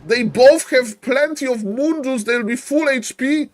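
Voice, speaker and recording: A man casting a live strategy game, excitable, repeating phrases and yelling advice at the players in non-native English. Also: very high-pitched, unhurried. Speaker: esports caster.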